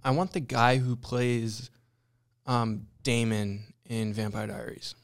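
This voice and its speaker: A man's voice: medium pitch, fairly even intonation, takes it slowly. Young man bantering loosely on a podcast. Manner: joking, loose slangy banter. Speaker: podcast co-host. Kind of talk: casual chat.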